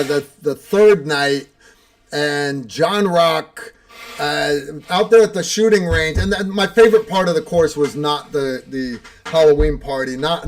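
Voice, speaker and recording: Relaxed rambling male host. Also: a little high. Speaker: livestream host reading patron questions. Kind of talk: casual chat.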